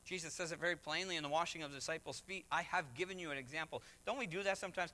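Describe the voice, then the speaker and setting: A man's voice: a little high, rapid-fire, few pauses, sharp tone. A man preaching a sermon as pastor, emphatic, with acted asides and rising refrains. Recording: reverberant hall.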